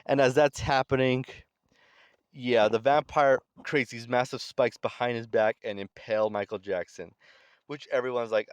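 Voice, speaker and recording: Man, casual comic recap, relaxed conversational talk, medium pitch, dry close sound. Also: normal speed, clear, resonant tone, dry recording. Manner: relaxed, conversational, reads characters' lines aloud in his own voice. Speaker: manga recap channel host.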